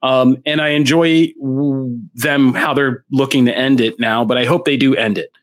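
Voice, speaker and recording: A man co-hosting a casual comic book chat, blunt and opinionated in a steady way. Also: medium pitch, normal speed. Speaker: comic book podcast co-host.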